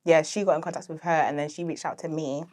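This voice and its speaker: This young adult guest, founder of an interior decor company, has a low, slightly mellow voice with a steady tone and a quick pace. In a relaxed podcast interview she tells stories chattily, full of fillers and frequent laughter.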